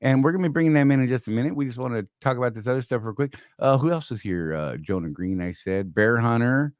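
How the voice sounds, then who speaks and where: Medium-pitched, animated, and fast, this fifties-aged podcast host leads an easygoing live-stream chat full of jokes, tangents, and self-mockery. The recording is dry and cleanly studio-made.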